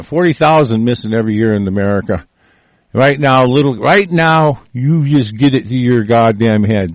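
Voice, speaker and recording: A man's voice: mid-range voice, no echo. A man hosting a show, ranting angrily about the news, with constant swearing and many restarts. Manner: angry, crude, swearing constantly, repeats and restarts. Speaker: show host. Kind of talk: profane political rant.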